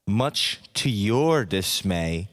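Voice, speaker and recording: A man narrates a mock sleep hypnosis in a soft, hypnotic second-person voice. His voice sits very low and moves at an unhurried crawl. A long hall reverb trails every phrase. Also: expressive.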